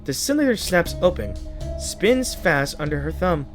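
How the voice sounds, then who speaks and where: A man's voice: on the high side, big pitch swings, moderate pace. A man who makes gaming videos, casually reading a game's story aloud, often stumbling and correcting himself. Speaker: gaming YouTuber. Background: game music.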